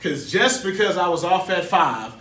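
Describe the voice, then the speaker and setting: A man teaching a live seminar as a business coach, energetic and colloquial, drawing call-and-response from his audience. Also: high-pitched, moderate pace. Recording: echoey room, mic far off, faint hiss.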